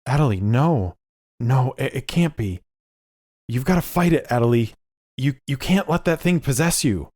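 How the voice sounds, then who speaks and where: A man's voice: sits high, sing-song, slow, long pauses, darkish tone, slightly rough, no room sound, clean studio sound, pitched above the performer's own voice, heavily acted. A man voicing a desperate young man who pleads in a gasping, breathless way. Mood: pleading.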